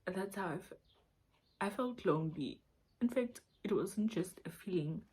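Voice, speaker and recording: A woman's voice: medium pitch, lively intonation, measured pace, warm tone, breathy edge. A young South African woman with a Zulu accent, speaking English as a second language in a confiding, emotional vlog while holding back tears. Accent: South African, Zulu-mixed English. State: near tears. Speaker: vlogger. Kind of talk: casual storytime vlog.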